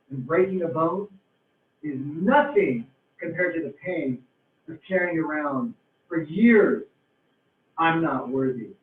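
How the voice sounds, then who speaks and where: A man giving a motivational talk to a group, emphatic and repetitive, drawing out words to press his point. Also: sits high. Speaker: motivational speaker. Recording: tinny, roomy, distant from mic.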